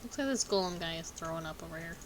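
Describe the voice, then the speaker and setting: A woman's voice: lowish voice, fast, background noise. A young woman streaming a game, humming tunelessly as she plays and making dry, sarcastic remarks. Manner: hums along while playing, dry and sarcastic. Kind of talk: casual gameplay chat.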